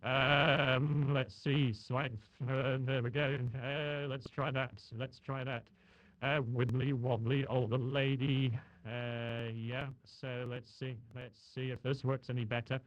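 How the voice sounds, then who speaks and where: A man's voice: medium pitch, flat delivery, slow pace, dull audio. A man on a live stream testing a voice changer that gives him a bleating, goat-like tone. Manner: fiddly, testing settings aloud.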